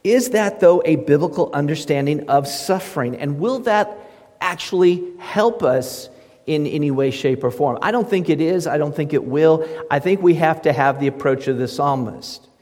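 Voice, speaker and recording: Conversational pastor in a reverberant hall. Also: male voice, on the high side, moderate pace, a little mellow. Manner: conversational, asks the congregation rhetorical questions. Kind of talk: sermon.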